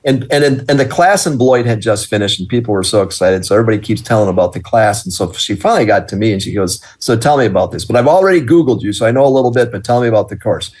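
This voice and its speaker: A man's voice: lowish voice, fast, few pauses. A middle-aged man from the American Midwest, a business owner telling his story in an interview and acting out the dialogue as he goes. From Wisconsin. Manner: animated, acts out quoted dialogue. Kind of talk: storytelling in conversation.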